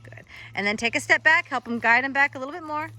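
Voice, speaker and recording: A woman's voice: high voice, fast, sharp tone, slight background noise. A woman dog trainer coaching a trainee in an encouraging, instructive way.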